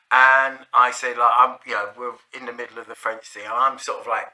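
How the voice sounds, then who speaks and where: Bloke telling a story, loose and rambly, lots of swearing and restarts. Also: male voice, medium pitch, fairly even intonation, fairly quick, hardly any pauses, sharp tone. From South London. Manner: rambling, sweary, full of restarts and "like, you know". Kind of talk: casual spoken storytelling.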